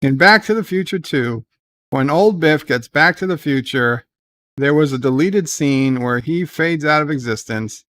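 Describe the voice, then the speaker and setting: Smooth-voiced man reading stream chat. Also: a little high, expressive, a little slow, fairly bright tone, dry recording. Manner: reads viewer comments aloud and answers them, loose and rambling with many "uh"s. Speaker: livestream host. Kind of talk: casual livestream chat.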